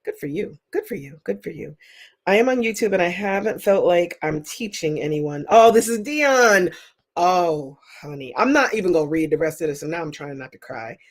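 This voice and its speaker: A woman's voice: lowish voice, moderate pace. Woman psychic host, chatty and emphatic, live-stream readings. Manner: chatty, emphatic, animated outbursts. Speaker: psychic reader.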